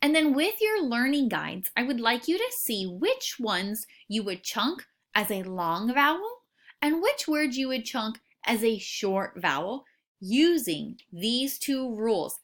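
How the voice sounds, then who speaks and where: A woman teacher walks young students through syllables at an unhurried pace, stretching out each sound. Her voice is bright and clear, with a lively, sing-song rise and fall. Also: a little high. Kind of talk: recorded phonics lesson for young students.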